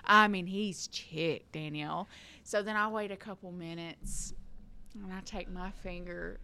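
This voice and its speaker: A woman, co-hosting a podcast and telling stories in a casual, animated way, laughing and building to loud peaks. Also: lowish voice, measured pace, creaky, a little hiss or hum. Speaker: podcast co-host. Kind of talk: casual storytelling chat.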